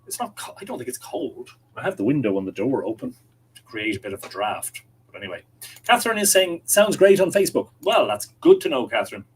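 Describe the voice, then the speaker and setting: A man's voice: medium pitch, big pitch swings, brisk, slight background noise, low-quality recording. An Irish man hosting a casual livestream from home, reading out viewer comments and chatting back to them. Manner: chatty, reads comments aloud and replies. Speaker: livestream host. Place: home room with window open. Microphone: desk microphone, adjusted during stream.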